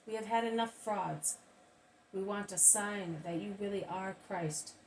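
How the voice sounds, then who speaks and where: A woman's voice: mid-range voice, unhurried, natural voice. A woman reading the part of a proud, hostile male scribe, in an insistent, scornful manner, from a distant mic with faint hiss. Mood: demanding.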